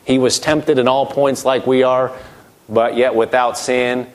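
A man's voice: medium pitch, level tone, unhurried. A middle-aged man preaching a sermon, emphatic, his voice rising and dropping sharply as he acts out quoted voices.

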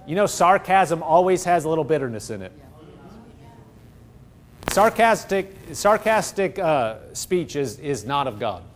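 Man preaching with big swings. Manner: swings from loud exclaiming to low hushed tones. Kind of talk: sermon.

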